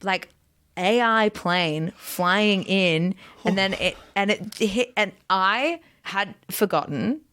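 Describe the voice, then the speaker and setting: Woman, podcast guest, casual storytelling, animated, filler-heavy, smooth clear voice. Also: mid-range voice, slow. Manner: animated storyteller, lots of "like" fillers, acts out quotes. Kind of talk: casual anecdote telling.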